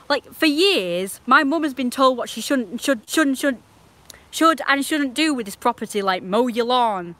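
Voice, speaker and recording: A woman's voice: fairly high pitch, animated, normal speed, fairly bright tone. A young woman on a live stream, telling a rambling, indignant story and swearing freely.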